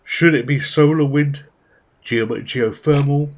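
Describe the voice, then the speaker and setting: A man's voice: on the high side, slow. Man casually talking through a game. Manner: relaxed, thinking aloud, chatty asides. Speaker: gaming channel host. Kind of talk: casual gameplay commentary.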